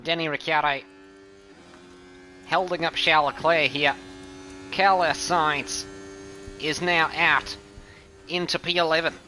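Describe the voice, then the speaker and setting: Man playing an excitable race caller in a put-on nasal Aussie accent, raised pitch, bright tone. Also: a little slow, long pauses. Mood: excited. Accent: put-on nasal Australian. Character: excitable male Australian race commentator.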